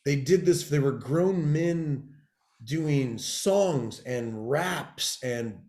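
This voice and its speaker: A man's voice: mid-range voice, very slow. A middle-aged man from California, a guest telling stories in a casual interview and acting out the people he quotes. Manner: animated storyteller who acts out quoted people. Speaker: guest, TV showrunner and actor. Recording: roomy echoey room sound.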